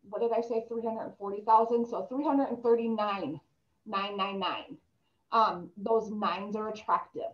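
A woman's voice: fairly high pitch, fairly even intonation, a little slow. A woman giving casual real estate advice to a group, chatty and full of stories. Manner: chatty, storytelling, many ums. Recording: echoey room, dull lo-fi sound.

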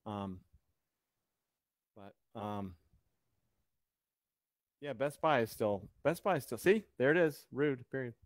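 A man's voice: medium pitch, lively intonation, takes it slowly, long pauses, no room sound. Guy hosting a live chat, rambly and sarcastic, dry close sound. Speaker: host.

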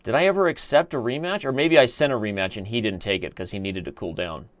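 A man in his thirties hosts a live stream in a relaxed, joking way, reading viewer comments aloud. His voice sits on the low side. The desk mic gives a dry, close sound with no room echo. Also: fast talker. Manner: chatty, joking, reads viewer chat aloud. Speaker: chess streamer host. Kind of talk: casual live-stream chat while playing.

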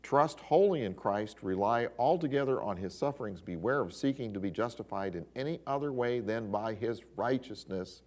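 A man teaching a Bible history class, who tells the story in a lively way with exclamations. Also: mid-range voice, normal speed, hardly any pauses. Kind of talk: classroom lecture.

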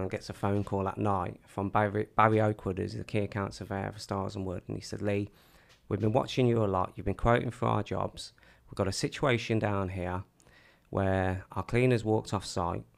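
A man's voice: lowish voice, gravelly. A man telling his own story casually, acting out the things people said to him. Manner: animated storyteller acting out quoted dialogue.

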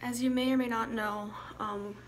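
Soft-spoken young woman, flat and halting. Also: fairly high pitch, heavy background noise. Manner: soft, halting, with hushed whispery stretches. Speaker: YouTuber. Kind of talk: emotional vlog talk to viewers.

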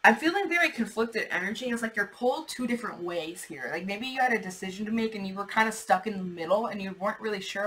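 A woman's voice: mid-range voice, fast, hardly any pauses, poor audio. Chatty woman reading tarot cards. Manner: chatty, animated, swearing, acting out imagined replies. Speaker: tarot reader.

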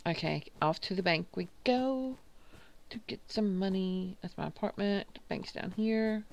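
A woman's voice: medium pitch, unhurried, creaky, darkish tone, lo-fi sound. A woman casually talking through her gameplay, thinking aloud and reading out game text. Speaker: gaming video host.

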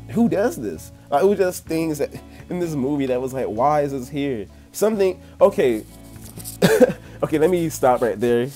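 A man's voice: mid-range voice, warm tone. Laughing, swearing young man reviewing a movie. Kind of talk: casual rant-style review.

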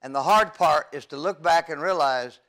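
An older man and youth evangelist giving an earnest, halting testimony from the pulpit, with frequent stammers and restarts. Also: a little high, a bit bright. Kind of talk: testimony sermon.

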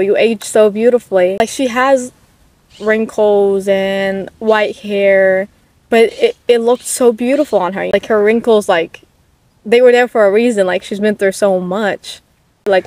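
A young woman in her late teens, talking casually and softly to the camera at a park, rambling with lots of "like"s and getting emotional. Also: medium pitch, no room sound. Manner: soft-spoken, rambling, emotional, many "like"s. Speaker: vlogger. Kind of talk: casual chat. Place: outdoors at a park. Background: dogs barking at times.

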